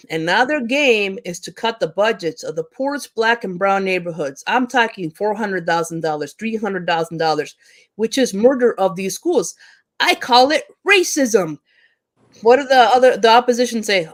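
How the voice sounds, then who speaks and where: A woman's voice: medium pitch, expressive, normal speed. A woman teacher speaking in a heated, impassioned discussion, swearing freely and often restarting her sentences as she rants. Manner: heated, profane, ranting; frequent restarts and stumbles. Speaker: teacher and panel guest.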